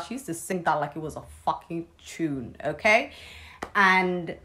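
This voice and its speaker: A woman's voice: sits low, normal speed, bright, forceful tone. A young woman telling a personal story in a casual vlog, blunt, sarcastic and swearing freely. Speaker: vlogger.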